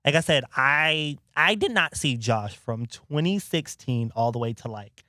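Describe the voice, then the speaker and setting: Expressive laughing male podcast host. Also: medium pitch, measured pace, dry recording, clean studio sound. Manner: expressive, laughing, acts out quotes. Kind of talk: casual chat.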